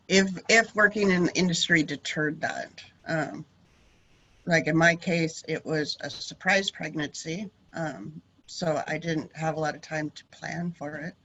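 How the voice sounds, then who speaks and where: A woman's voice: low voice, fairly bright tone, highs cut off, a little hiss or hum. A woman moderating a webinar panel over a video call, talking with frequent hesitations. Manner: hesitant, many ums.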